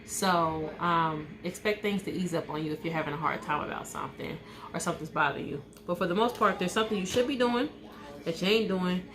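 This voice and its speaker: A woman's voice: on the low side, brisk, a crowd in the background. A woman reading tarot cards in a casual, reassuring way, often checking in with "okay". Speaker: tarot card reader, host. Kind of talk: casual live card reading.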